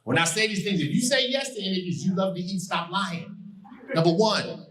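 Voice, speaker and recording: A middle-aged man from Hawaii performing animated stand-up on a comedy stage, shouting his punchlines. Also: high-pitched, brisk. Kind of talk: stand-up routine. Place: comedy stage before a live audience. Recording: live show with loud crowd.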